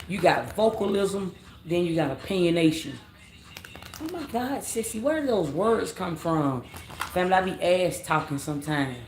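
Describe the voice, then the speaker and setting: A woman reading tarot on a late-night live stream, talking casually in slang, rambling, repeating herself and calling her viewers family. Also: fairly low pitch. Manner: rambling, repeats phrases, scolds commenters. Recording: roomy echo with faint background noise.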